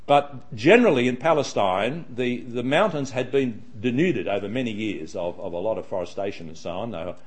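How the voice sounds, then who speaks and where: A man leads a Bible study in a chatty, wandering way, often restarting his sentences. His pitch swings widely, with lots of lift and drop. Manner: chatty, digressive, frequent restarts.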